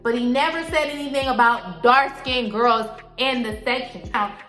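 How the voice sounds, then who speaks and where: Woman, casual storytelling vlog, animated and profane, slightly high-pitched, echoey room. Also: normal speed. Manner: animated, swears freely, acts out others' lines. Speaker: storytime vlogger. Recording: echoey room with faint music.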